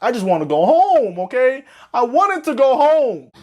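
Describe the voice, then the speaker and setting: Young man, storytime narrator, slangy, lively pitch swings, panicky squeaks. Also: normal speed, background noise. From Florida. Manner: slangy, swings between panicky high squeaks and low drawls.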